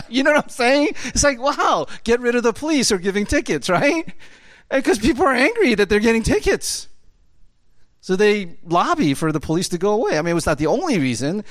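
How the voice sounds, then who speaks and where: A man's voice: high voice, no room sound. A man preaching a conversational sermon as a pastor, casual and chatty, with lots of fillers and frequent laughter.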